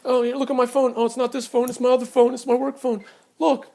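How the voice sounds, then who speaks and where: A man voicing a panicky young male neighbor who begs frantically in a high voice. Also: flat delivery, quick pace, gravelly, darkish tone. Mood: panicked. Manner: frantic, high-pitched begging.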